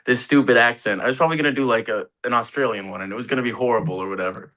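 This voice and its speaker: A man's voice: medium pitch, very fast, bright, forceful tone. A young man, an actor, chatting casually in an interview, rambling and laughing as he tells set stories. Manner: laid-back, rambling, laughs often, swears casually. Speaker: actor guest.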